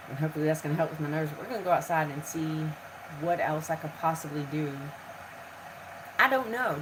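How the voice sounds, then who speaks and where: A middle-aged woman streams live from her home kitchen, chatting warmly and nervously with her viewers as she talks herself out of her worries. Her voice sits on the low side. A faint hiss of room ambience hangs behind her. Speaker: homestead vlogger, live stream host. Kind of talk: casual live chat with viewers.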